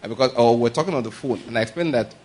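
A man preaching a conversational sermon, often pausing to ask whether listeners are following and chuckling through anecdotes. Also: mid-range voice, a little mellow. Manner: checks in with "are you getting my point?" and "all right?".

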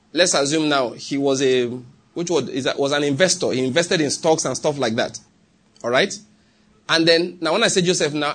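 A man's voice: fairly high pitch, fairly bright tone, slightly rough. A middle-aged man with a Nigerian accent preaching a sermon, emphatic and often asking his listeners questions. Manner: emphatic, asks the congregation questions. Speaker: pastor.

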